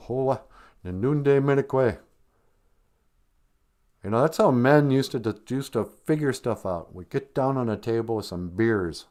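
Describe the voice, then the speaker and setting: A man's voice: medium pitch, big pitch swings, measured pace, long pauses, a little mellow. A middle-aged man hosting a comedy live stream, rambling through jokes and language lessons with playful asides.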